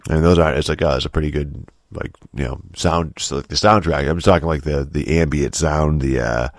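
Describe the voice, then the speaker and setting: A man with an extremely deep voice hosts a solo podcast, rambling through a profane rant full of restarts and filler words. The sound is dry and close, with no room around it. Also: steady tone, brisk, no room sound. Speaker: podcast host.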